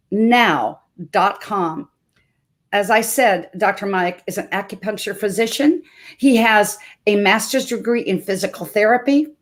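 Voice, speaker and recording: A woman in her sixties from Montana, a health coach hosting a live webcast, introducing her guest in an expressive, emphatic storytelling manner. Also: a little high. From Montana, USA. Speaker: health coach and show host.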